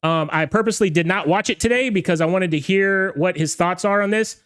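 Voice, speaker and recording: High-voiced ranting DJ host, a little hoarse. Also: male voice, a little fast, fairly bright tone. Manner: emphatic, ranting, repeats "okay?" and "all right?". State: slightly hoarse from talking all night. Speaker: DJ show host. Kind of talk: casual livestream rant.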